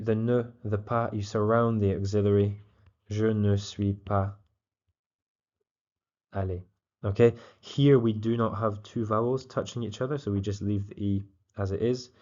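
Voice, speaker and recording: A man teaching a language lesson, walking through grammar with a relaxed, explanatory manner and frequent fillers. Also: on the low side, lo-fi sound. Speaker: French teacher. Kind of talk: exam tutorial explanation.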